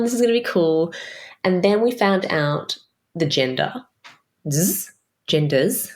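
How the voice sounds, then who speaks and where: Woman, Australian accent, thirties, slightly low voice, candid, casual storytelling, swears freely. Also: animated, moderate pace, vocal fry. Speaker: podcast host. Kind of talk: personal storytelling.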